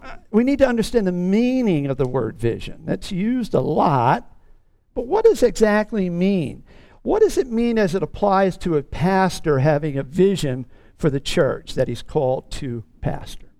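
A man's voice: fairly high pitch, creaky, warm tone, dry recording. A man preaching a sermon as pastor of his church, teaching earnestly and repeating key phrases for emphasis.

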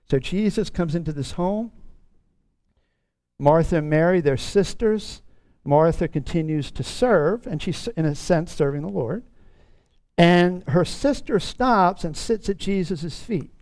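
A middle-aged man preaching a sermon in an earnest tone, stretching out key words slowly for emphasis. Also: sits high, expressive, darkish tone, no room sound. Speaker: pastor.

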